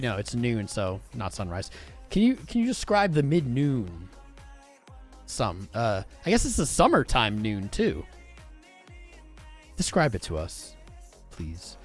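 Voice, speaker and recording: A young man hosting a casual livestream, chatting with viewers in an excitable, informal way. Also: mid-range voice. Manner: animated, swearing, informal and excitable. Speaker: crypto livestream host. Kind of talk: casual livestream chat reading viewer comments.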